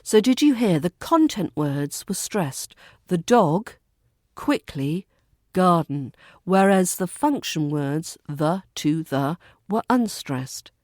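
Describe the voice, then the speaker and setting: A woman with a British RP accent, teaching a pronunciation lesson and modelling example sentences slowly and deliberately. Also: on the low side, very animated, darkish tone, no room sound, clean studio sound. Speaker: accent coach.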